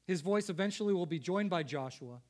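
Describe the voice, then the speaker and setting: A man preaches in a high, ringing voice. He presses his points emphatically, swelling loud and then sinking low and quiet. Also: expressive, fairly quick. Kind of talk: sermon.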